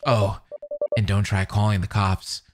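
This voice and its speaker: A man doing a smug, soft-spoken stalker boyfriend. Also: lowish voice, a little slow, background noise, voice pushed down, lightly acted. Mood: menacing. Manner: calm, smug, quietly menacing.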